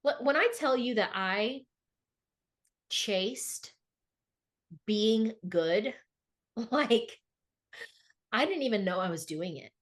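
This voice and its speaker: A woman's voice: a little high, animated, takes it slowly, pauses often. A middle-aged woman speaking earnestly and emphatically in a reflective podcast conversation, often repeating words for emphasis. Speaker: podcast co-host.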